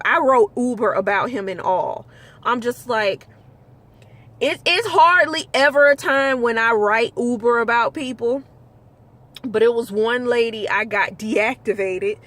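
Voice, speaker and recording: A woman's voice: on the high side, fairly bright tone. Exasperated, foul-mouthed woman driver ranting. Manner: blunt, exasperated, swears freely. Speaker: rideshare driver telling stories. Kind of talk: casual storytime vlog.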